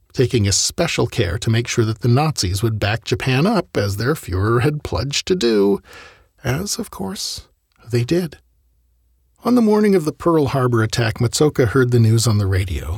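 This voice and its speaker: Brief: male history narrator, raspy with some fry, close and dry, wry in tone. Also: mid-range voice, a little mellow, dry recording. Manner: wry, conversational asides. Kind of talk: scripted narration.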